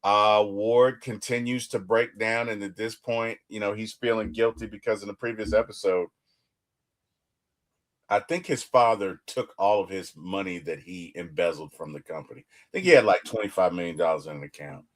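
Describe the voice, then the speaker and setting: A man's voice: lowish voice, moderate pace. A man co-hosting a TV reaction show, talking in a casual, emphatic way and often repeating words as he restarts.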